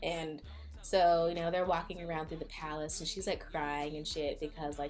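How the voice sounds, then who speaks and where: A young woman chats through a film recap in a low voice. She rambles along and leans on filler words. The tone stays casual and offhand. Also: level tone, normal speed, faint music behind. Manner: rambling, filler-heavy with many likes. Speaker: vlogger. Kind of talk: casual movie recap chat.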